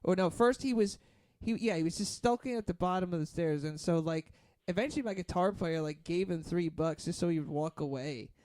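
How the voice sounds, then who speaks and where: A man's voice: high-pitched, a little fast, darkish tone, no room sound. A man hosting a podcast, telling a long rambling story in casual chat, heavy on fillers and swearing, acting out what others said. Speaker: podcast host.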